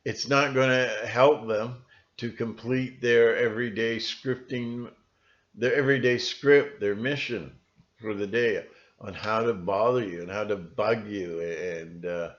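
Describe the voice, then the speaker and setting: A man talking in a rambling solo monologue, halting often with fillers and restarts. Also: on the low side, fairly bright tone. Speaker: channel host. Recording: dull lo-fi recording.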